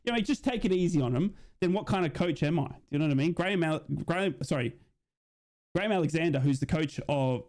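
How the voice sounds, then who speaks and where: Man, football watch-along streamer, casual chatty commentary, slightly high voice, reads chat out loud. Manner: chatty, keeps saying "do you know what I mean". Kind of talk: casual live commentary, reading chat messages.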